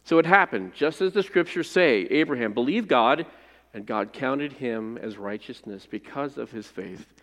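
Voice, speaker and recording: Male pastor, mid-pitched, dynamic sermon delivery, recorded with a long church reverb. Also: animated, normal speed. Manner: dynamic, swings from loud emphasis to hushed phrase endings. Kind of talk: sermon with scripture reading and prayer. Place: church sanctuary. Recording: long reverb of a large hall.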